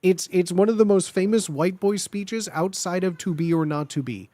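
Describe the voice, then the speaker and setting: A man's voice: high voice, moderate pace, mellow, dry recording. A young man hosting a comedic tier-list show, riffing mock-seriously on catchphrases and repeating them in put-on voices. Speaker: host ranking phrases.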